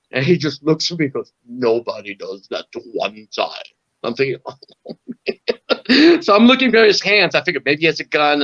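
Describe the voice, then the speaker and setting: A middle-aged man from Southern California, a guest musician telling lively stories in an interview, acting out voices and laughing often. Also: fairly high pitch. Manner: animated storyteller, acts out voices, laughs often. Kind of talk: storytelling in an interview. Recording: dull lo-fi audio.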